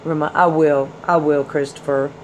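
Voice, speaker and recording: A woman's voice: sits low, flat delivery, normal speed, a little mellow, slight background noise, rough recording. A woman hosting a tarot livestream, chatting casually with viewers and reading their comments. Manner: chatty, folksy, addresses viewers as y'all and hon.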